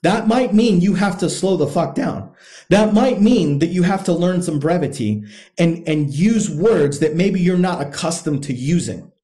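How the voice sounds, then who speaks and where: A man's voice: high voice, lively intonation, normal speed, dark tone. A man hosting a podcast who coaches other men in a blunt, profane and emphatic motivational monologue, drilling his key points by repetition. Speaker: podcast host, men's coach.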